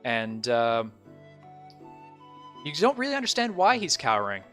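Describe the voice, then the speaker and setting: A man's voice: mid-range voice, huge pitch swings, measured pace, sharp tone, faint music behind. A man narrating a tabletop game as dungeon master, rambling with many fillers and bursts of laughter.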